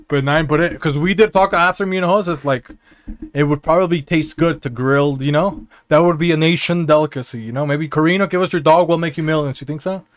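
High-voiced man, rambling and profane. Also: brisk, no echo. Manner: rambling, profane, laughing storyteller. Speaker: podcast co-host. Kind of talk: casual banter.

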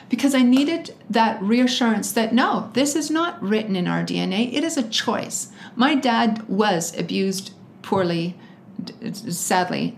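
A woman's voice: mid-range voice, vocal fry, slight background noise. A woman being interviewed, telling a personal story emphatically and with animation, often laughing as she talks. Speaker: interview guest. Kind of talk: personal story told in conversation.

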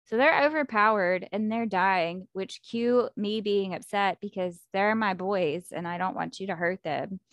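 Woman, casual book chat, animated storytelling, dry close mic. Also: medium pitch, measured pace, hardly any pauses, no echo. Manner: animated, acts out character quotes, fillers like 'like' and 'um'.

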